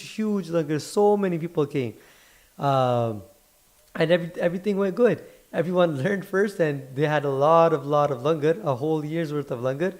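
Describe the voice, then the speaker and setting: A man casually retelling a religious story to listeners, animated, repeating words for emphasis and checking in with "right?". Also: on the high side. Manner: animated, leans on repetition for emphasis.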